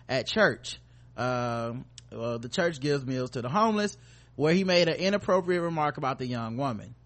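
A man co-hosting a podcast, reading news stories aloud and joking about them with crude, profane humor. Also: fairly high pitch. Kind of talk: casual comedic chat and news reading.

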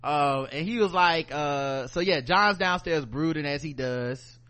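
A man casually recapping a TV episode, animated and profane, acting out the scenes as he goes. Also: on the high side, measured pace. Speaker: podcast host.

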